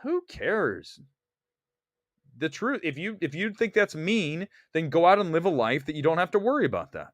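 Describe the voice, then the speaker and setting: A man hosting a movie livestream, blunt and teasing as he reads his chat. His pitch swings widely and sits a touch high. The sound is close and dry. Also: very animated, normal speed, no echo. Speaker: livestream host.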